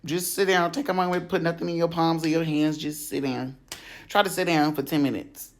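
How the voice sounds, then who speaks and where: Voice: medium pitch, fairly quick, very noisy. A spiritual healer and coach in a casual, slangy talk, swearing freely and laughing often. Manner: profane, animated and laughing, slangy street talk; tells stories acting out quoted voices.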